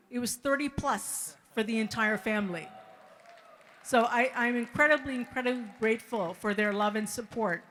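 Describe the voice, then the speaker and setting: A middle-aged woman with a fairly high voice gives an emotional speech at a wedding reception as the bride's mother. She talks haltingly, repeating words as she expresses deep gratitude. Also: fairly bright tone, a little hiss or hum.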